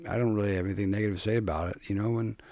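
Male podcast host, rapid speech, mellow dark tone, enthusiastic, stumbling restarts. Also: lowish voice, steady tone, dry recording. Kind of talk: casual interview chat.

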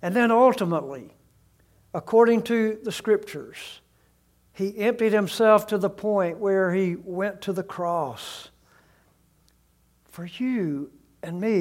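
A man preaching a sermon, slow and deliberate, sometimes dropping to a hushed voice, recorded outdoors beside a tree. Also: sits high. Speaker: pastor.

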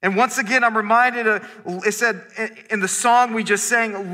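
A man preaching a sermon as pastor, earnest and restarting phrases, slowing down to stress scripture. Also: sits high, steady tone, sharp tone, long reverb tail. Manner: earnest, repeats words when starting phrases.

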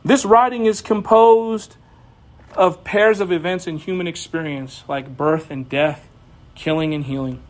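A young man preaching a sermon, animated, with bursts of raised voice. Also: fairly high pitch, unhurried. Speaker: pastor.

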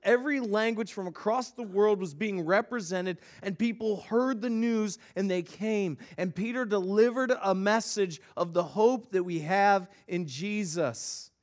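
A man's voice: high voice, unhurried, hardly any pauses. A male pastor in his thirties preaching a sermon, telling a funny personal story with lots of repeated words before moving into scripture. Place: church sanctuary.

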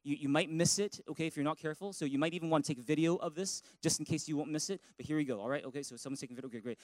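A male pastor delivering a lively, playful sermon, telling stories and leading his congregation in call-and-response. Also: a little high, racing, few pauses, dry recording, rough recording. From Canada. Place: church sanctuary.

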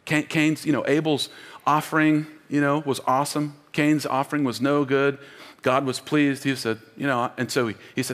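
In a church auditorium, a pastor wearing a mic delivers an emphatic sermon and leads call-and-response, captured with long hall reverb. He speaks at normal speed in a mid-range, level, fairly bright voice.

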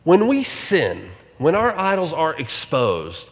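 A man's voice: a little high, huge pitch swings, slow pace, in a large hall. A male pastor preaching a sermon in a conversational way, often asking the congregation rhetorical questions.

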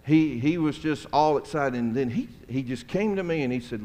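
Moving at a moderate pace with hardly any pauses, a middle-aged pastor's dark-toned, mid-range voice carries a folksy storytelling sermon full of conversational chuckles. The church sanctuary lends it a long hall reverb.

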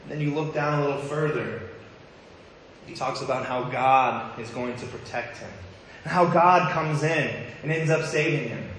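A man's voice: mid-range voice, moderate pace, a bit bright, a little hiss or hum. A male pastor giving a sermon, telling a personal story in a candid, conversational way with wry asides. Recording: echoey hall with long reverb.

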